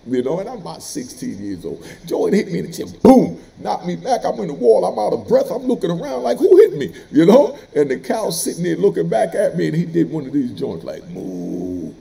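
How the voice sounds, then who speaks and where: Brief: middle-aged man, ex-prisoner storyteller, gravelly, lively swings in pitch, casual street talk. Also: fairly quick, hardly any pauses. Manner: animated, streetwise, laughs while telling. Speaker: former prisoner telling stories.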